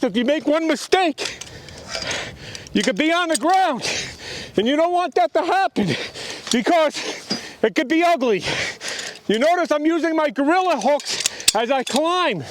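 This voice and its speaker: Man in his fifties, very high voice, plain matter-of-fact explaining, outdoors. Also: a little hiss or hum. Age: 50s. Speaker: amateur radio operator and tower builder. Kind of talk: casual on-site explanation to camera. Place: outdoors at and on an antenna tower.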